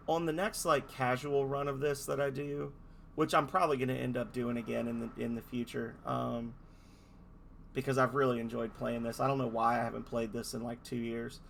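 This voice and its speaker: A man's voice: mid-range voice, vocal fry, fairly bright tone, a little hiss or hum. A man giving casual, rambling commentary while playing a game, hesitant with many restarts. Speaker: gamer playing a game on stream.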